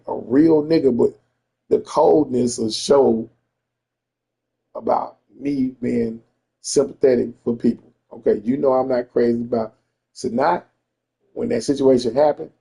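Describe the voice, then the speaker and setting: A man's voice: mid-range voice, creaky, warm tone. A man telling a story in a casual, profane rant to a friend, emphatic and repeating himself.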